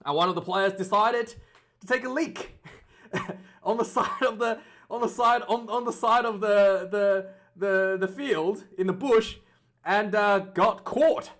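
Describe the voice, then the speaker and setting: Australian guy, high voice, chatty rugby vlogger who rambles and checks in with the viewers. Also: a little slow, fairly bright tone. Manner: chatty, rambling, full of "uh" and "okay?" check-ins. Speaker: rugby channel host. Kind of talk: casual vlog preview chat.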